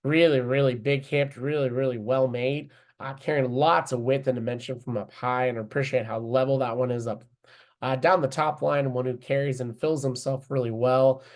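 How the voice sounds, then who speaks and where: A man's voice: medium pitch, steady tone, moderate pace. A man teaching livestock judging in a live online lesson, talking casually and thinking aloud with plenty of fillers as he explains his placings.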